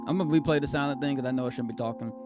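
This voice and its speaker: A man streaming live in casual chat, swinging between soft apologies and loud excited exclaims, laughing and cutting himself off often. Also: mid-range voice, rapid-fire, over music. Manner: self-interrupting, laughs often.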